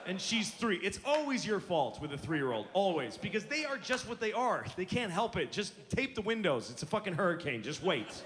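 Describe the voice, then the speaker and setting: A man in his forties doing stand-up, his fairly high voice swinging widely as he tells exasperated, self-mocking stories. It is a live stage recording with clear background noise behind him. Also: big pitch swings, normal speed, hardly any pauses, fairly bright tone, in a large hall. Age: 40s. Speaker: stand-up comedian. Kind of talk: stand-up comedy storytelling.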